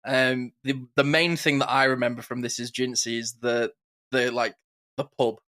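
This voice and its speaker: A man's voice: medium pitch, level tone, normal speed, sharp tone. A man co-hosting a podcast in casual chat, playful, quoting songs and catchphrases. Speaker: podcast co-host.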